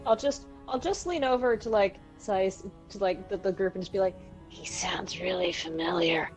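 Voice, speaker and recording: A woman's voice: mid-range voice, animated, a little fast, darkish tone, soft background music, rough recording. A woman playing a tabletop game, joking and teasing in a playful manner. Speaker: player.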